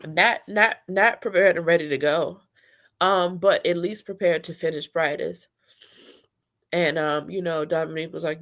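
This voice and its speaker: A woman's voice: fairly low pitch, fairly even intonation, normal speed, a bit bright. Tearful woman telling her story, AAVE. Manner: tearful, candid, talks to viewers as y'all. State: crying at times. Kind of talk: emotional personal storytelling.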